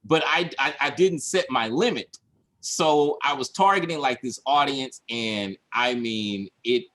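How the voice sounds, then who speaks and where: A man coaching his viewers in a casual livestream, emphatic and repetitive, acting out his own panic with shouts and laughs. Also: mid-range voice, a little slow. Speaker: online business coach.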